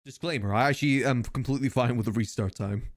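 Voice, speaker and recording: A man's voice: medium pitch, fast. A man streaming live, chatting casually with his viewers and joking between tasks. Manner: chatty, joking asides to chat.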